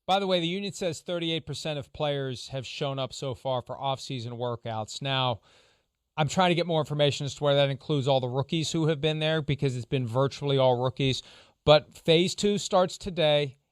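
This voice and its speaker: A man hosting a sports talk show, explaining legal angles in a measured, lawyerly way. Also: on the high side, smooth, dry recording, clean studio sound. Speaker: show host, legal analyst.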